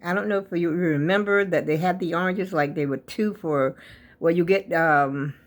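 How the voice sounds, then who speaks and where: A woman's voice: on the low side, moderate pace. An older woman, chatting casually at home for a vlog, rambling and a bit out of breath. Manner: rambling, chatty, addresses viewers as y'all. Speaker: vlogger.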